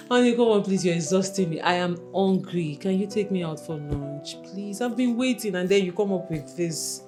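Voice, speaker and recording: A woman's voice: mid-range voice, animated, measured pace, over music, natural voice. A Nigerian actress playing a young woman who coaxes and reassures her jealous boyfriend in a film drama. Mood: coaxing. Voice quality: coaxing, pleading.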